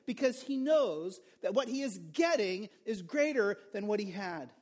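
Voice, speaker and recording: A male pastor preaching a sermon in an animated, conversational way. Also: very high-pitched. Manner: animated, conversational, acts out characters.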